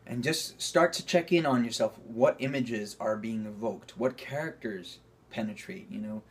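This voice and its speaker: A man's voice: mid-range voice, moderate pace, husky. A man teaching acting, talking to camera and calling out cues while he demonstrates movement exercises. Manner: coaching, calling out cues, rising to loud effortful bursts.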